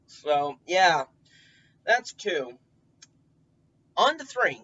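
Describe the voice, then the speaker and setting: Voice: medium pitch, expressive, moderate pace, fairly bright tone. A tabletop player rambles through advice in a loose, chatty monologue, starting over mid-thought and leaning on fillers, with a curse word now and then. The voice sits back from the mic. The recording is muffled and a little lo-fi. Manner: rambling, many fillers and restarts, occasional swearing. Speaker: tabletop game player giving tips. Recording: dull distant recording.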